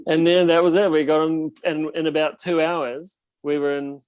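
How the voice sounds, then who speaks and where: A man's voice: a little high, little pitch movement, normal speed, a little mellow, clear, resonant tone, dry recording. A young man, a touring band musician telling stories in a casual interview, rambling with lots of fillers. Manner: laid-back, rambling storyteller with many fillers.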